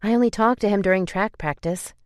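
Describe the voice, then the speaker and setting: A woman's voice: mid-range voice, fairly quick, dry recording, clean studio sound, voice pushed up, close to an everyday voice. A woman voicing an exasperated fifteen-year-old girl who pleads and protests.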